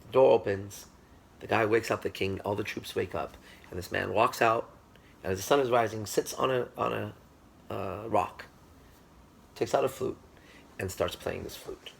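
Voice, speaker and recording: Male teacher, low gravelly voice, husky, animated storytelling lecture. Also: normal speed, pauses often, slight background noise. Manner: animated storyteller, addresses listeners directly.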